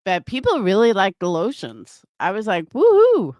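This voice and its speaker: A middle-aged woman livestreams from home, a craft seller chatting casually, swearing freely and answering viewers by name. Her mid-range voice is sing-song at a moderate pace, and the recording is dry and studio quality.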